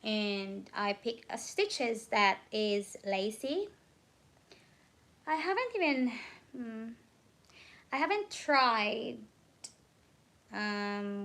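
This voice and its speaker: A woman chatting casually on a crochet livestream, unhurried and a little drowsy, often pausing with ums to search for the right words. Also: a little high, a bit bright.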